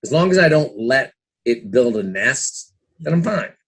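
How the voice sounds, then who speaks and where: A man's voice: mid-range voice, sing-song, measured pace, gravelly, fairly bright tone, husky. A man around fifty, a podcast guest telling his story casually, with lots of "you know"s and acted-out quotes of his own past thoughts. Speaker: guest, former trader and author.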